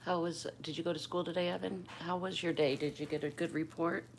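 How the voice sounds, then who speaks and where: A woman's voice: fairly low pitch, steady tone, a little fast, slight background noise. An older woman from Pennsylvania hosting a casual livestream at home, chatting with viewers by name and keeping her voice down. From Bristol, Pennsylvania. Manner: keeps her voice down. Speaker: livestream host. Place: home room.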